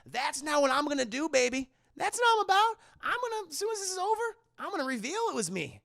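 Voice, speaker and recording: A man putting on the voice of a gloating young male movie killer who brags in a smug, rapid monologue. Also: very high voice, very animated, vocal fry, a bit bright, pitched above the performer's own voice, full character voice.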